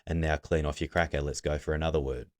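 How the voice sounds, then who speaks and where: A man's voice: rumbling low, level tone, fast, darkish tone. A man teaching a recorded literacy lesson, giving patient step-by-step instructions to students.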